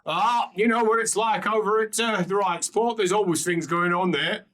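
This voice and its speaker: A man putting on a chatty high-voiced barge passenger. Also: steady tone, normal speed, fairly bright tone.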